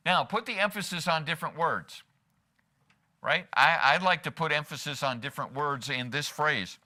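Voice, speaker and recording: Bright-voiced man preaching a sermon. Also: on the high side, normal speed. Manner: preaching with rhetorical questions and humor. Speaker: pastor. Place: church.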